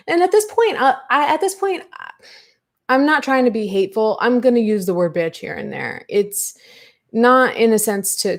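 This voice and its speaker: A woman hosting a commentary podcast, retelling an online feud in an animated, fired-up way and acting out the exchanges. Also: medium pitch. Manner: animated, fired-up retelling with quoted back-and-forth. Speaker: podcast host.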